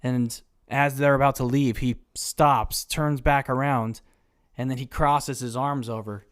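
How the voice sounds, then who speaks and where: A man co-hosting a casual podcast, talking about a film in an easygoing, relaxed way. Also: medium pitch, unhurried, clear, resonant tone. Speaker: podcast co-host. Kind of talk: casual chat.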